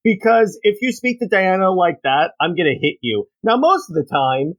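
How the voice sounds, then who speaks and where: A man's voice: high-pitched, big pitch swings, normal speed. A man co-hosting a podcast, enthusiastically reading comic quotes aloud in casual chat. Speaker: podcast co-host.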